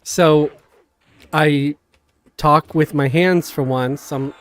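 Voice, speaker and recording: A man chatting casually on a game live stream, halting and full of restarts, coughing now and then. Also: a little high. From Queens, New York. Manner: halting, many fillers and restarts, animated. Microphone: desk mic, sometimes knocked.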